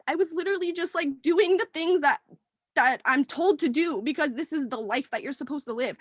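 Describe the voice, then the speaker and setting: A woman's voice: high-pitched, fairly quick, no room sound. A young woman in her twenties telling a heartfelt personal story at a work meeting, rambling with many fillers and close to tears. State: tearful, near crying. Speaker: team member sharing her story. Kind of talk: emotional personal testimony. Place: work meeting, dry room.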